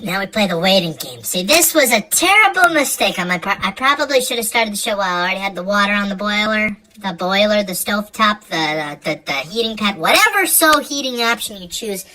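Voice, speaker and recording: A woman's voice: mid-range voice, lively intonation, fairly quick, hardly any pauses, bright, forceful tone, low-quality recording. A woman hosting a casual comedic cooking video, rambling, joking and stumbling over her words. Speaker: cooking show host.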